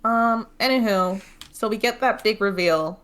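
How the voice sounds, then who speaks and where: A woman's voice: medium pitch, measured pace, fairly bright tone, clean tone. A young woman hosting a casual book club chat. She talks loosely, laughs often and swears freely.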